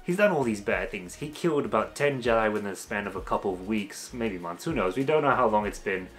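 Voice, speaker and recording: A man's voice: on the low side, expressive, brisk, fairly bright tone. A man giving a casual, ranting spoken review, exasperated and mocking, slipping into sarcastic quoted asides. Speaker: video reviewer.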